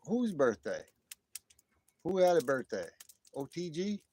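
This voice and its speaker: A man's voice: a little high, measured pace, breathy edge. A man hosting a casual livestream outdoors by a fire at night, phone in hand, talking in a rambling, exclamatory way with his viewers. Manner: rambling, exclamatory, easily excited. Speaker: livestream host. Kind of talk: casual live chat with viewers.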